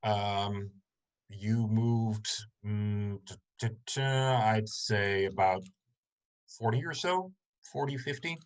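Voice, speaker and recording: Hesitant man running a tabletop game. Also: fairly low pitch. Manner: hesitant, many ums, measured. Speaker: game master. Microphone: video call.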